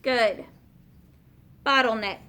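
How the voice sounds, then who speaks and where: High-voiced woman teaching a class. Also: bright, forceful tone. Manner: patient, slows down to spell out words.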